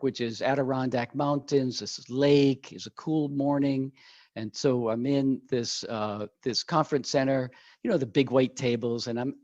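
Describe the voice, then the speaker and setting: A man speaks as an executive coach, telling a story and voicing each side of the conversation with lively energy. His voice sits in the middle of the male range. The audio is dull and lo-fi. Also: medium pitch, no echo. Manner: animated, acts out quoted dialogue. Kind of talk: storytelling in an interview.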